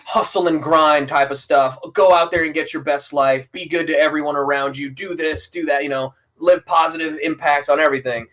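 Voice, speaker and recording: A man's voice: fairly high pitch, fairly bright tone. A man co-hosting a podcast in casual chat, rambling with lots of fillers and frequent laughs. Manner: rambling, full of "like" and "you know", laughs often. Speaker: podcast co-host.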